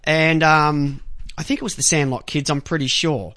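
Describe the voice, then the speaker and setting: A man's voice: fairly high pitch, fairly even intonation, moderate pace, pushed and bright, no room sound. An Australian man hosting a talk radio show, rambling casually with lots of ums, restarts and swearing, close to the mic.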